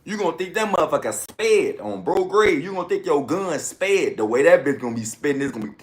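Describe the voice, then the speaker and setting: A man riffs through a loose commentary rant, full of street slang. His voice sits a little high for a man. Now and then he breaks into sound effects of gunshots. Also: very animated, a little fast, slight background noise. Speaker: commentary host.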